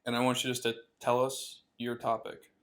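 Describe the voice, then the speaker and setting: A man hosting a casual podcast from a couch, teasing his guest with deadpan jokes. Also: mid-range voice, normal speed. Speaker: podcast host. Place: living room couch. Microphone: podcast microphone.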